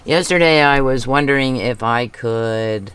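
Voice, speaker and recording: A woman hosting a craft video, chatting casually as she paints, thinking aloud and talking to herself with soft chuckles. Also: a bass voice, a little slow, clear, resonant tone. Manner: soft chuckles between remarks.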